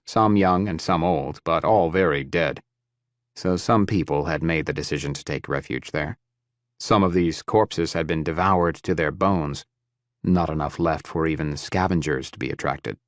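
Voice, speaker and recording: A man narrating a post-apocalyptic audiobook in a steady, measured, grim way. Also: low voice, dry recording, clean studio sound. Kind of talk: scripted narration.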